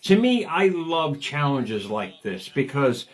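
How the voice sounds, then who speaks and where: A man's voice: fairly high pitch, sing-song, slow pace. A man in his fifties hosting a motivational talk show, speaking energetically and digressing, often repeating words as he starts a thought. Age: 50s. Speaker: radio show host.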